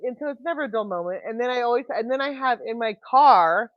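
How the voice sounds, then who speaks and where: A woman telling a story in casual chat, animated and laughing as she talks. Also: on the high side, quick pace, no echo. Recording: dull lo-fi sound.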